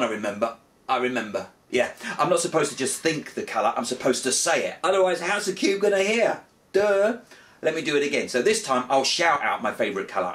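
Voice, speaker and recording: Brief: male kids' magician, lively swooping delivery, jokey mock frustration. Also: medium pitch, distant mic. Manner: playful, mock-frustrated, big excited cheers. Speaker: children's magician. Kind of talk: comic magic show patter for children.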